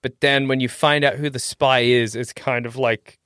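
A man's voice: medium pitch, steady tone, moderate pace, a bit bright, smooth, no room sound, clean studio sound. An Australian man co-hosting a casual movie review podcast, rambling and laughing as he trails off mid-thought. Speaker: podcast co-host.

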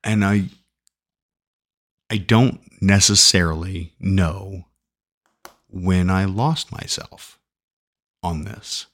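A man co-hosting a podcast, chatting casually, joking at times and thinking aloud with halting restarts. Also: deep voice, steady tone, fairly bright tone. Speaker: podcast co-host. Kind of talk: casual chat.

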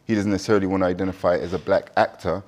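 A man's voice: sits low, fairly even intonation, very fast, darkish tone. A man, a dinner guest, talking through his view in a casual discussion, often restarting and repeating words as he builds his point.

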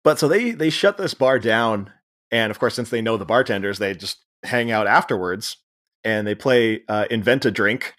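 A man's voice: lowish voice, lively intonation, moderate pace, fairly bright tone. A man co-hosting a podcast, retelling a film's plot in casual chat, acting out the characters' lines and laughing often. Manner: storytelling, acts out quoted lines, laughs often. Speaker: podcast co-host. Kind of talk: casual chat recapping a film.

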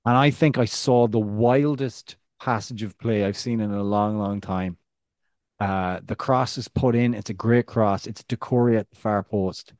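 Male podcast co-host, casual football chat, animated storyteller, dry close mic. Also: measured pace, no room sound. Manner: animated storyteller, restarts, rising pitch when excited.

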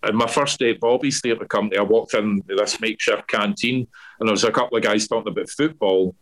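An actor chatting casually over a video call from home, telling stories and laughing often. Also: male voice, fairly low pitch, a little fast, a bit bright, rough recording. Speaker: guest actor.

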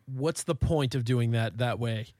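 A man's voice: medium pitch, a little slow, a little mellow, no echo, studio quality. A man in casual banter with his bandmates, teasing and needling them. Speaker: band member, podcast co-host.

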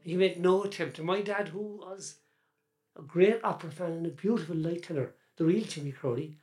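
A man's voice: high voice, fairly quick, darkish tone, faint music behind. An older man from Cork with a Cork Irish accent, a folk singer and columnist chatting in an interview, rambling and restarting his words often. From Cork, Ireland. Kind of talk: casual interview chat.

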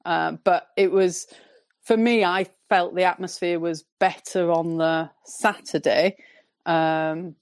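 A woman with a Northern English accent chats on a podcast as a guest, telling her story in a relaxed, rambling way. Her voice sits a little low, recorded close and dry. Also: slow pace, dry recording. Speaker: podcast guest, football fan. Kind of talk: casual podcast chat.

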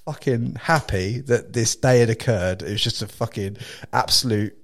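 An English man in his thirties tells a story on a podcast, his voice sitting fairly low. He talks in bursts, laughs through his own lines, swears casually and keeps calling the listener mate. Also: moderate pace, a little hiss or hum. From England. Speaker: podcast host.

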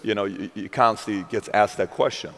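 A man hosting an interview, talking like an excited fan and tossing in sarcastic asides. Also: fairly low pitch, brisk, creaky, big-room sound. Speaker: interview host. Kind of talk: casual interview chat.

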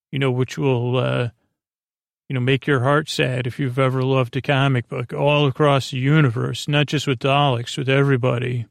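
A man hosting a podcast, giving a meandering, low-key bedtime recap full of "uh" and "he goes". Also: level tone, gravelly, dry recording, clean studio sound. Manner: low-key, unhurried delivery. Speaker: podcast host. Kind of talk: rambling bedtime recap of a TV episode.

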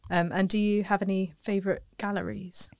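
A woman's voice: mid-range voice, level tone, fairly quick, darkish tone, dry recording. Dry-sounding woman host asking questions. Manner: curious, encouraging questions. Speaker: podcast host, comedian. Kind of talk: casual podcast chat.

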